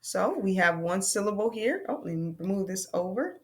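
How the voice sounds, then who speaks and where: A woman teaching a phonics lesson to children, sounding out words slowly and patiently. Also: mid-range voice, expressive, slight background noise.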